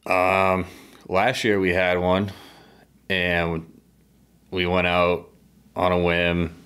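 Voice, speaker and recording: A man from the northeastern United States telling a harpooning story as a podcast guest, swearing freely and animated in the retelling. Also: low voice, extremely slow, smooth. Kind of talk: casual storytelling over beers.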